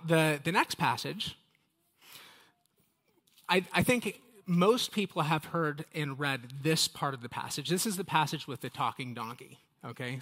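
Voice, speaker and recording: Bright-voiced, chatty Bible teacher man. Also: on the high side. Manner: conversational, chatty, addresses listeners directly. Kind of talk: casual Bible study teaching.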